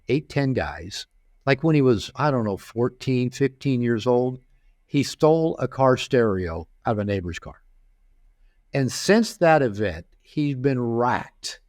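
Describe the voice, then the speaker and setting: Speaking at a measured pace in a mid-range voice, this older therapist and author is a podcast guest telling stories conversationally. He performs the voices of the people he describes, frequently repeating himself and restarting words; the audio is dry and studio quality.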